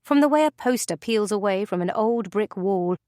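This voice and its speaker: A woman narrating an audiobook in an expressive, measured way. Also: mid-range voice, no room sound, studio quality.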